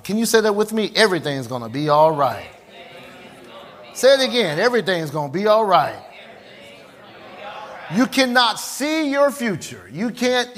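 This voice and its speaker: A man's voice: on the high side, fairly bright tone. A middle-aged man preaching a sermon, emphatic, repeating key phrases and leading the congregation to answer back.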